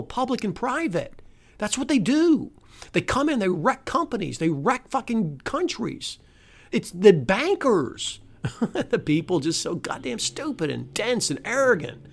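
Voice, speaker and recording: A solo podcast host delivers a heated, profane political rant with a pitch that leaps high and plunges low. Scoffing laughs and exasperated sighs break it up, and when the mood turns reflective the voice sinks into a low, weary murmur.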